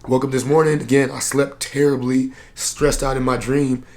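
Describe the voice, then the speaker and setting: A man who works as a coach, talking candidly to camera in a vlog, earnest and reflective, and tired and low on energy. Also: little pitch movement, moderate pace. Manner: earnest, reflective, plain-spoken with many "like" fillers. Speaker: personal development coach and vlogger.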